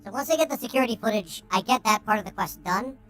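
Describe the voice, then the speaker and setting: A woman streaming a video game, chatting casually and excitably and swearing freely as she plays. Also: a little high, fast, faint music behind. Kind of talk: casual gameplay commentary.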